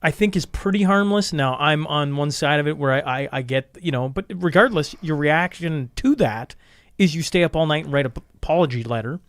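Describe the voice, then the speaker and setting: A man's voice: on the high side, a little fast, a bit bright, dry recording. A man hosting a podcast, earnest and supportive, often stumbling over restarts. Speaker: podcast host. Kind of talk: interview conversation. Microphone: studio microphone.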